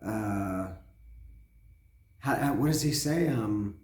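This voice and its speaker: A man hosting a casual spoken album review, his voice hoarse and cracking, rambling with restarts and humming along. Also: on the low side, animated, slow, a little mellow. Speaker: host. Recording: echoey room.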